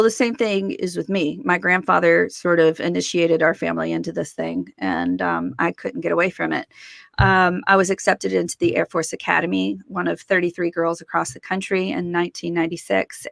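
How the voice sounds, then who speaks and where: A woman, a guest in an interview, telling her story in a lively way and acting out the voices of people she quotes. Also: fairly low pitch, moderate pace, creaky, dry recording, clean studio sound. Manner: animated, acts out quoted voices, laughs often.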